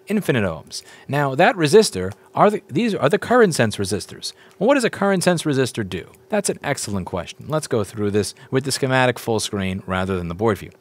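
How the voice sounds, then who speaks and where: A man's voice: medium pitch, no echo. A man teaching board repair in a casual walkthrough, explaining step by step, repeating points and asking viewers questions as he goes.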